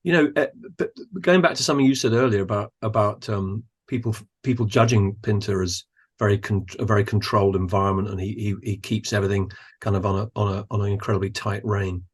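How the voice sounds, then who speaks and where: A man, a guest on a podcast, who talks thoughtfully and admiringly, often pausing to search for words. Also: lowish voice, steady tone, husky. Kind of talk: thoughtful conversational discussion.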